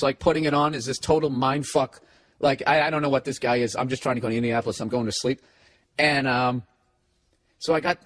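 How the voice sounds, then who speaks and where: Brief: comedian in a mocking, cursing rant, fairly high voice, lively delivery. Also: male voice. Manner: animated, swearing constantly, mocking. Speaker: comedian and podcast host. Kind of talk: profane comic storytelling rant.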